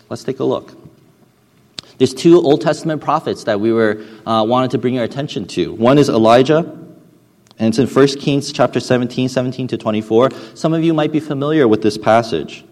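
A man preaching a sermon in an earnest, hesitant way, often restarting and dropping soft and low when he tells a story. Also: brisk. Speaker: pastor. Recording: long hall reverb.

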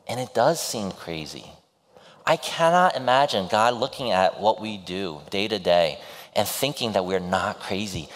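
A male pastor preaching a sermon, retelling a story in a halting, storytelling way with restarts. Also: lowish voice, long reverb tail.

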